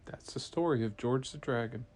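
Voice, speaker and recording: A man, a parent, telling an improvised bedtime story to a child in a gentle, playful way. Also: medium pitch, normal speed, slight background noise.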